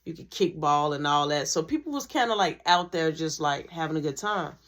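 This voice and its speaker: A woman telling a school story in a slangy, animated storytime style, acting out the dialogue. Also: low-pitched, brisk. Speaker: vlogger. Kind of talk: storytime narration.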